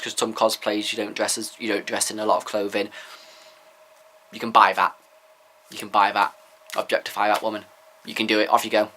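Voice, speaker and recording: A man's voice: on the low side, pushed and bright. A man giving candid, opinionated views in a rambling casual vlog. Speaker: vlogger.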